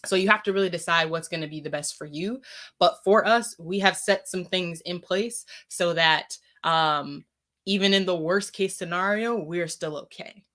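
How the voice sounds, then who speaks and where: A woman with a notably low voice, talking on a casual podcast. She thinks out loud in a searching way, often stopping on fillers before going on. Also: normal speed. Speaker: podcast speaker.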